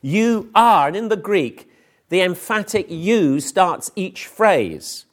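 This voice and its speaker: A man's voice: sits high, animated, takes it slowly. A middle-aged or older man preaching a sermon, emphatic and full of rhetorical questions.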